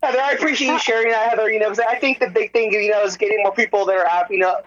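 A man's voice: high-pitched, fairly even intonation, racing, muffled recording, a loud crowd. A man co-hosting a podcast, stumbling and repeating words as he chats. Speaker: podcast co-host. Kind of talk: casual chat.

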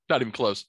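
A man in his forties tells stories on a podcast with a bright, forceful voice. He swears freely and acts out everyone he quotes. The sound is dry and close. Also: no echo. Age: 40s. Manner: profane, animated storyteller acting out quotes. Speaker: podcast co-host. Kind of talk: casual storytelling chat.

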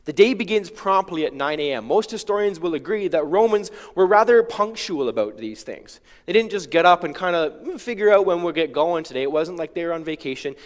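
A fairly high-voiced man preaching with an easy, conversational manner. He keeps checking in with the room with quick rhetorical questions. His voice rings out with a long reverb, as in a church sanctuary. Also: expressive. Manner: conversational, uses rhetorical "right?". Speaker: pastor. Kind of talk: sermon.

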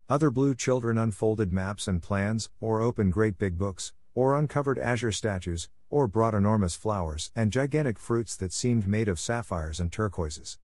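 Man, audiobook narrator, low voice, dry close-miked sound, measured storybook reading. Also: a little mellow, no echo. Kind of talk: storybook reading for English listening practice.

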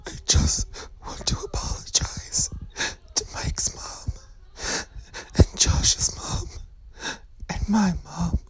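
Whispered role-play, woman putting on a frightened lost young woman, breathy whisper, slow tearful delivery, phone in a car. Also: lightly acted, poor audio. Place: parked car.

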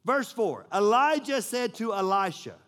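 A man's voice: high voice, very animated, unhurried, fairly bright tone. A man preaching a sermon in a casual, conversational way, telling stories with lots of filler words. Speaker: pastor.

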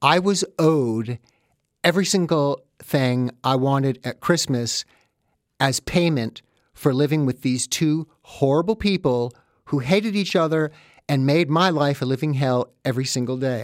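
A man telling a wry, self-mocking story about his childhood, with animated asides, recorded close and dry. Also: medium pitch, dry recording. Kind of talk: first-person comic storytelling.

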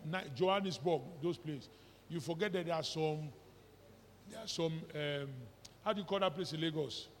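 Preaching in a church hall, a middle-aged Nigerian-accented pastor speaks in a high, fairly bright voice, combining pidgin and English and aiming rhetorical questions at the congregation. The recording is reverberant with slight background noise.

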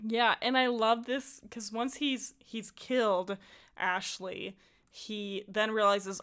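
Bright-voiced woman in casual chat. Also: medium pitch, slow pace, clean tone. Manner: animated, laughs often, acts out lines. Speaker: podcast co-host. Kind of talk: casual chat recapping a film.

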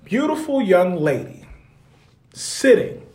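Male co-host for a casual chat show: animated storyteller who slips into voices for the people in his story, recorded in a roomy space. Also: high-pitched, slow pace. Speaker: podcast co-host. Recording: roomy echo.

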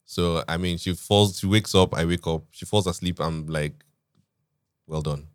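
Man, 30s, podcast co-host, lively low voice, dry recording. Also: unhurried, clear, resonant tone, no room sound. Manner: animated, laughing, acts out quotes. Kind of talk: casual storytelling chat.

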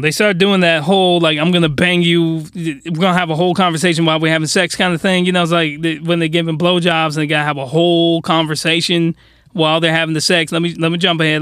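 A man hosting a podcast, giving rambling, animated, comedic commentary. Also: a little high, smooth, dry recording, clean studio sound. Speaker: podcast host.

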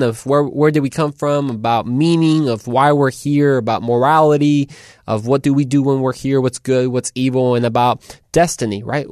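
A man hosts his own podcast in loose, animated chat, circling back and restarting his sentences. His voice sits at a middling pitch, and the sound is dry and close. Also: no room sound. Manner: chatty, animated, rambling with restarts. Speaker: podcast host. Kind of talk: casual podcast talk.

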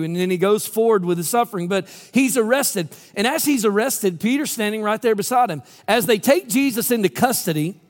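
High-voiced pastor preaching in a hall. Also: male voice. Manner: storytelling with acted-out quotes and casual asides. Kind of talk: sermon. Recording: hall reverb.

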